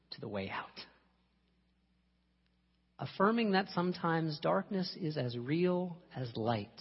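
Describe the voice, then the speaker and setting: A man's voice: high-pitched, husky. A man giving a sermon who tells a parable and acts out the voices in it. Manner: storytelling, acting out voices in a parable. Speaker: minister. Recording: lo-fi recording with long hall reverb.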